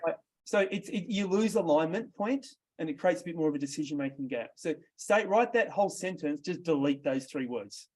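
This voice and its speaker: A man's voice: on the high side, lively intonation, fairly quick, darkish tone. A man with an Australian accent coaching a sales workshop, direct and quizzing his group as he goes. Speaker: sales trainer.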